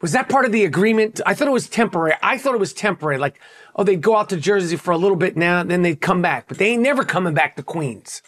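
Podcast host, New York man, high voice, brash profane rant. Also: expressive, fast, a bit bright. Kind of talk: ranting podcast monologue.

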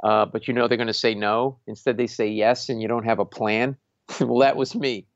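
Man, stand-up comedian, animated storytelling, acts out voices, laughs often, muffled dry sound. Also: medium pitch, normal speed, no room sound. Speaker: stand-up comedian, podcast host. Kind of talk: casual anecdote on a talk show.

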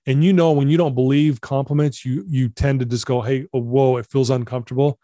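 As a podcast guest, a man tells a personal story in an earnest, confessional way, acting out the dialogue he quotes. His medium-pitched voice is steady and warm at a fairly quick pace, on a dry, studio-quality recording of this storytelling interview.

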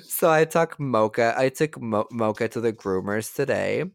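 A woman's voice: very deep voice, expressive, normal speed, gravelly, dry recording, clean studio sound. A young woman co-hosting a casual gossip podcast, chatty and giggly, with lots of fillers. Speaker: podcast co-host. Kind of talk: casual celebrity gossip chat.

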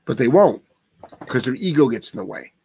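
Blunt, gravelly man ranting. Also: medium pitch, lively intonation, normal speed, dark tone. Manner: blunt, swears often, heated rants. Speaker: dog trainer answering viewer questions. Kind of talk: live Q&A, blunt and profane.

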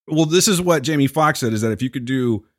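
A man's voice: medium pitch, expressive, quick pace, dry recording, clean studio sound. A man co-hosting a podcast in casual chat, bantering with boastful, joking asides. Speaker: podcast co-host.

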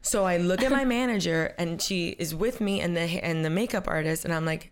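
A young woman guest with a slightly low voice, telling a funny story in casual interview talk. She acts out other people's lines and laughs often. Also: brisk, clear, resonant tone. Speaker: guest, content creator.

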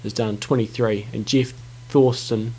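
Rambling New Zealand man, mid-pitched. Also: fairly even intonation, unhurried, a little mellow, husky. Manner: rambling, hesitant, many restarts. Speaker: podcast co-host. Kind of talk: casual chat.

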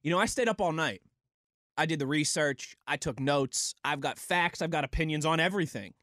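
A young man co-hosting a sports radio show in a studio, energetic and playful, stretching words for effect. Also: on the high side, fairly quick, no echo. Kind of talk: upbeat sports talk radio.

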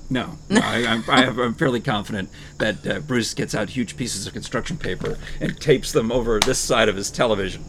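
A man hosting a casual chat show, jokey and animated, fond of playing with accents. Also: lowish voice, brisk, hardly any pauses, a little hiss or hum. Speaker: host.

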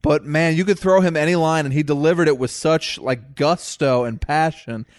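Brief: male guest, rambling self-deprecating storyteller, a touch high, dry sound. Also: moderate pace, no room sound. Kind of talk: casual chat.

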